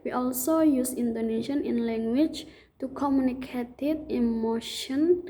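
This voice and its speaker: A young woman student reading her prepared exam answers aloud, halting and restarting words in places. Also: fairly high pitch, mellow, slight background noise, poor audio. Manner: halting, restarts words, non-native English phrasing. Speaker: student answering test questions.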